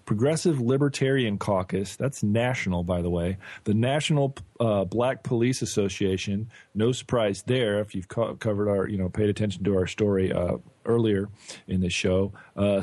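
A man with a fairly low voice hosts a casual podcast, running through news items in a loose, joking way full of asides. The sound is dry and close, with no room around it. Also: no room sound. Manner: relaxed, joking, rambling news reading. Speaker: podcast co-host.

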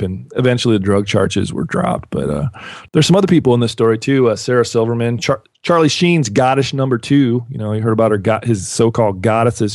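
A man's voice: mid-range voice, darkish tone, dry recording, studio quality. A man co-hosting a podcast in casual chat, rambling and laid-back, laughing often. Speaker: podcast co-host.

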